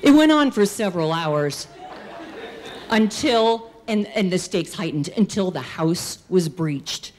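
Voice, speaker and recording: A middle-aged woman performing a personal story on stage, acting out characters' shouts. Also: lowish voice, measured pace, a faint crowd. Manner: animated, acts out characters' shouts. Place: stage at a live storytelling show.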